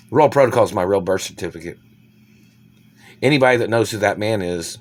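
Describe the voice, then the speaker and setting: A man delivering an angry, swearing monologue, repeating accusations and swinging between shouting and low muttering. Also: fairly quick, slight background noise. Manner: furious, swearing, repetitive accusations. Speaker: vlogger.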